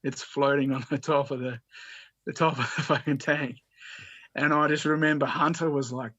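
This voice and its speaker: A man's voice: fairly high pitch, steady tone, fairly quick, bright, forceful tone, dry recording, highs cut off. A man telling a story as a podcast guest, rambling with frequent restarts and swearing. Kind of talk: casual storytelling.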